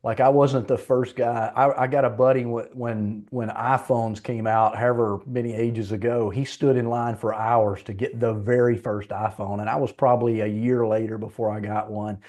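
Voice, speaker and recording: A middle-aged man with a Southern US accent, a podcast guest who tells relaxed, self-deprecating stories in casual speech. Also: medium pitch, normal speed, few pauses. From Little Rock, Arkansas, USA. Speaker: podcast guest, leadership coach. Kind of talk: conversational podcast interview.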